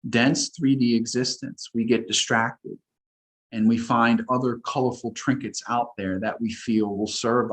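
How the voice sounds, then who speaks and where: A man talking earnestly as a guest on a spiritual talk show, repeating his affirmations slowly. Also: lowish voice, poor audio. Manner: earnest, slow, repetitive affirmations.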